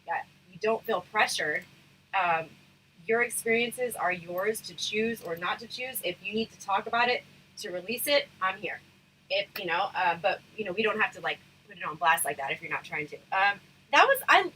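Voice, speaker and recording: A woman hosting a casual livestream chat, talking frankly and rambling with lots of fillers, her voice going hoarse. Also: mid-range voice, sharp tone, slight background noise, rough recording. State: losing her voice, throat irritated. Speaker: livestream host.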